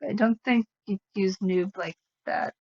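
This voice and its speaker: A woman's voice: mid-range voice, steady tone, a little slow, darkish tone, dull audio. A woman livestreamer chatting casually, rambling with sarcastic, self-mocking asides.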